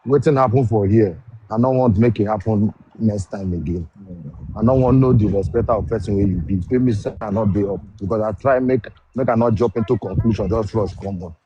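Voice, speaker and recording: A man with a Nigerian accent on a live stream, calm and appeasing, begging for peace. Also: lowish voice, a little fast, highs cut off, slight background noise. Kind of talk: casual live-stream talk.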